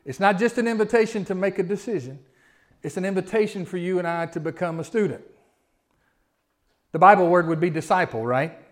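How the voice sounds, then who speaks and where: Folksy preacher man, slightly high voice. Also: fairly quick, long pauses. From Southern United States. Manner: folksy, repeats words, preaches with rising emphasis. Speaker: pastor. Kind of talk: sermon.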